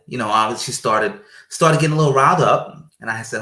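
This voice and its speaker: Animated storytelling man, roomy sound. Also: medium pitch, brisk, few pauses. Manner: animated, repeats phrases for emphasis; speaks in a faith-centered way. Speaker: paramedic guest. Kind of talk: storytelling in a podcast interview. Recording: roomy echo.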